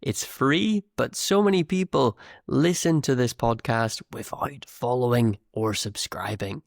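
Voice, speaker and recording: A man's voice: medium pitch, unhurried, vocal fry, no echo, clean studio sound. A man with a northern UK accent who hosts an English podcast and teaches in a patient, encouraging way, repeating words for learners. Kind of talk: slow, clear teaching talk.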